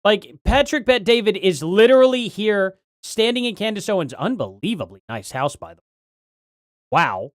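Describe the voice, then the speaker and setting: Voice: mid-range voice, sing-song, moderate pace, hardly any pauses, no room sound, clean studio sound. A streamer giving live commentary on a debate, rambling and jokey, then getting heated in rants.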